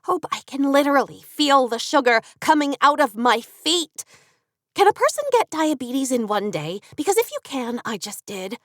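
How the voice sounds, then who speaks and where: A woman reading an audiobook and voicing an excitable, melodramatic young mother, her best friend, with a higher, gushing delivery. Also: normal speed, dry recording, studio quality. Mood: anxious.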